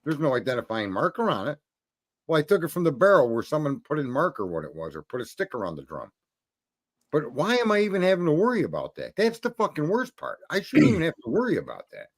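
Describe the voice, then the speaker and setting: A fast-talking man with a slightly high voice that swoops wildly in pitch hosts a live stream. He chats casually and tells stories bluntly, profanely, and with plenty of rambling.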